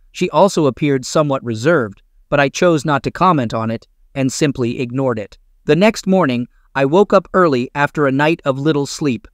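A man reading a first-person story aloud as a narrator, in a steady, even storytelling manner, on a close mic. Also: on the high side, dry recording.

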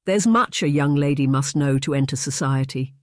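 A gentle young governess in an audiobook, as the narrator puts her on, measured and soft-spoken. She picks every word carefully, and the recording is close and dry. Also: low-pitched, dry recording, natural voice. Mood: instructive. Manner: measured, soft-spoken, choosing words with care. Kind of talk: audiobook reading.

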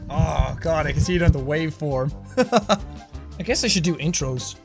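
A man hosting a gaming channel, recording intros at a studio mic with a pop filter, energetic and loud, shouting his openings and laughing often. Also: a little high, normal speed, gravelly, faint music behind. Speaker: video game channel host. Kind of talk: recording video intros and outtakes.

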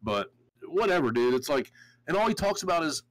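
A man's voice: fairly high pitch, sing-song, normal speed, no room sound, rough recording. A man hosting a podcast, ranting in a heated, profane, storytelling way. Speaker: show host. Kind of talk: casual podcast rant.

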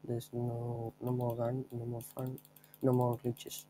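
A man's voice: mid-range voice, completely flat delivery, takes it slowly, warm tone, a little hiss or hum, poor audio. A young man giving offhand, rambling commentary over his own gameplay, showing a trick step by step. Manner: offhand, rambling, chuckles at himself. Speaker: gameplay video maker.

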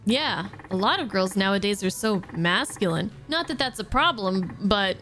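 A woman's voice: lively intonation, normal speed, a bit bright, soft background music, close to an everyday voice. A woman doing a shy, earnest young man. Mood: earnest, bashful. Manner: lowered voice, hesitant.

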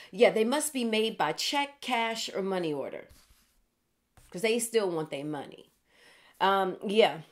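A middle-aged woman hosts a news show in a loose, chatty way. She drifts into animated asides and laughs at herself between stories. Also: on the high side. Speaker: host. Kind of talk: casual news commentary.

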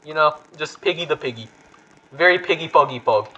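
A man hosting a gaming video, commenting excitably and panicking with repeated words. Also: fairly high pitch, a little fast, muffled recording.

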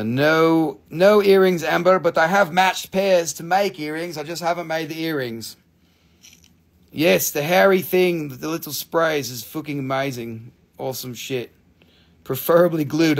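Gravelly man selling crystals live. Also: on the high side. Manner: chatty, swears freely, reads out viewer comments; stops to count and name items as he shows them. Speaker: live-stream crystal seller. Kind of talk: casual live sales chat.

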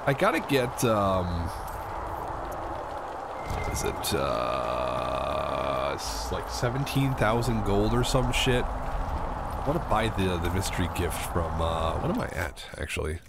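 A man's voice: low voice, big pitch swings, takes it slowly, creaky, very noisy. A man giving casual let's-play commentary, rambling, swearing freely and talking to himself and the game characters. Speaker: gamer playing a video game.

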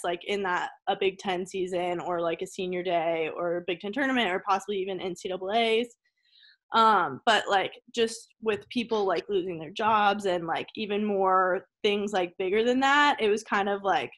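A woman's voice: mid-range voice, fairly bright tone. A young woman talks from her family home over a video call, her voice sitting in an ordinary middle register. She rambles a little and leans on "like" as she answers, chatty and easygoing as an interview guest. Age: young adult. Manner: chatty, heavy use of "like", laughs easily. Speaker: college tennis player, guest.

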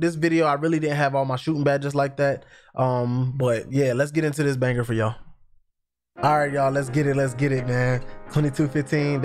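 A man, a gaming YouTuber, gives hyped, chatty live gameplay commentary and talks straight to his viewers. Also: medium pitch. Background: music.

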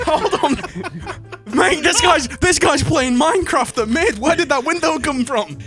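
A man's voice: very high voice, expressive, measured pace. A young man hosting a gaming video, bantering with friends over voice chat, laughing and swearing a lot. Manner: joking, laughing often, swearing. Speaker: gaming channel host. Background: background music.

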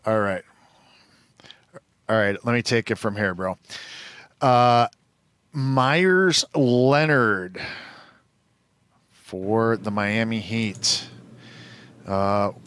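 Slow-talking man reading out card pulls. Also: fairly low pitch, little pitch movement, a bit bright. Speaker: co-host of a trading card show. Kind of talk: live card box break chat.

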